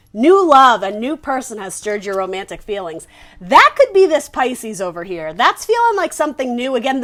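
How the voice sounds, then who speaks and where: High-voiced chatty woman reading tarot. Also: a bit bright. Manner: chatty, rambling, many fillers and restarts. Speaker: tarot reader. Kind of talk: casual tarot reading to camera.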